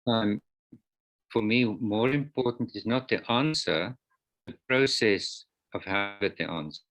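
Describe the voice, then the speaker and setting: A man's voice: lowish voice, unhurried, a bit bright. A man lecturing students on Greek grammar, explaining patiently step by step in an online class. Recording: dull lo-fi online call audio.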